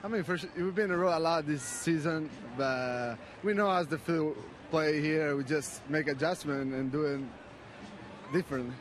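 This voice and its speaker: Modest young ballplayer, halting answers. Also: male voice, fairly high pitch, background noise. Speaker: baseball player.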